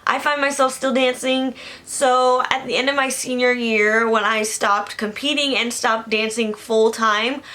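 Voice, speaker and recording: A woman's voice: fairly high pitch, fairly even intonation, measured pace, sharp tone. A young woman vlogging casually to camera, chatty and earnest, with lots of "um" and "like". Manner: chatty, earnest, many fillers like "um" and "like". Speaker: beauty vlogger.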